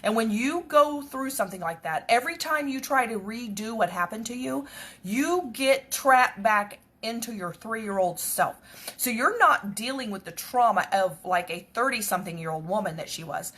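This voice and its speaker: Breathy woman telling a personal story. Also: fairly high pitch, animated, moderate pace, fairly bright tone. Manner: earnest, conversational, retelling dialogue. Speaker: speaker sharing a personal story. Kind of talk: reflective faith-based storytelling.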